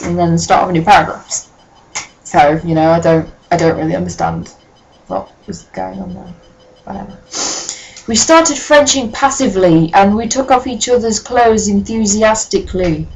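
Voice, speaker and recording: A woman's voice: mid-range voice, moderate pace, gravelly, slight background noise, poor audio. A woman giving a comic reading of a fan story, breaking in with dry, sardonic asides. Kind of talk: comic dramatic reading with commentary.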